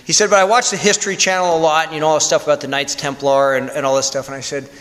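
A priest telling a story in a candid, conversational sermon with self-deprecating humor. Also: male voice, a little high, level tone, fast talker, a bit bright, slight background noise. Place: church. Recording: long church reverb.

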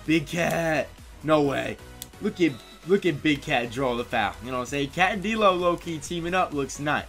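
A man's voice: fairly high pitch, normal speed, creaky, faint music behind. A man giving live commentary over his own video game, cheering and talking to the players on screen. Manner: excitable, talks to players on screen. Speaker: gaming YouTuber.

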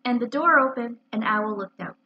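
A woman librarian reading a children's storybook aloud in an expressive, animated way, on a dull lo-fi recording. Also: on the high side, normal speed.

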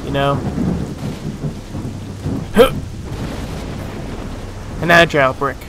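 Swearing, joking gamer over stormy game rain. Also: male voice, mid-range voice, drawn-out words, background noise. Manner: joking, swearing, reacting out loud. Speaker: let's play gamer. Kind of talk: casual gameplay commentary.

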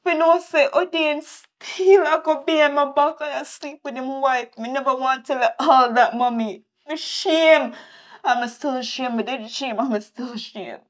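A woman's voice: sits high, a little slow. A young woman with a Jamaican accent playing an ashamed daughter who pleads and defends herself to her mother. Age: young adult.

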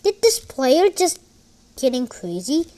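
A woman giving excitable, giggly commentary while playing a game. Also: high-pitched, slow pace. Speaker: gamer. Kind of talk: gameplay commentary.

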